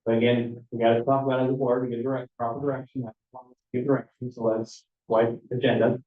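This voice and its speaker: A man's voice: medium pitch, flat delivery, quick pace. Man, board trustee, firm matter-of-fact delivery, roomy hall, tinny sound. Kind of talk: public meeting discussion. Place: village hall meeting room.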